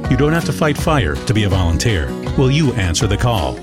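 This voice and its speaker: A man's voice: fairly low pitch, sing-song, brisk. Earnest male announcer over guitar. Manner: earnest appeal. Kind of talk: public service announcement.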